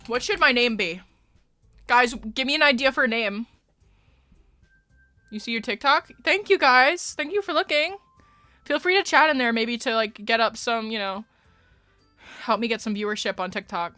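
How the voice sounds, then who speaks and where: A woman livestreamer in casual, chatty talk with her viewers as she plays a game, swearing and joking, with sudden shouted outbursts. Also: a little high, moderate pace, long pauses. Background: faint background music.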